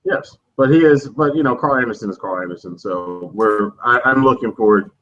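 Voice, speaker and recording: A man's voice: mid-range voice, animated, a little fast, a bit bright. A man co-hosting a wrestling preview chat, talking casually and hesitantly. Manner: casual, hesitant, restarts sentences. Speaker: co-host. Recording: dull lo-fi mic.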